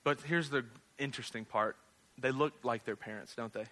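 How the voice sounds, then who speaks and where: A man's voice: mid-range voice, moderate pace, pushed and bright. A man, preaching a casual, humorous sermon as a pastor, full of jokes and tag questions. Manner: joking, conversational, rhetorical tag questions.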